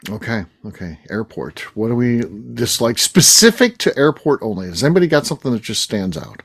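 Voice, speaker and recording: Lively male podcast host. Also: medium pitch, a little fast, dry recording, clean studio sound. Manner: upbeat, steering the discussion. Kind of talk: roundtable chat.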